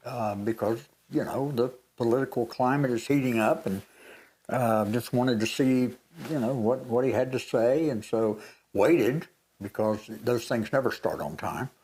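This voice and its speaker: An older man and grandfather, co-hosting a faith talk show, telling a story in a lively way. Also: mid-range voice, measured pace. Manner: animated storytelling, re-enacts moments. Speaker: co-host. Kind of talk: casual chat.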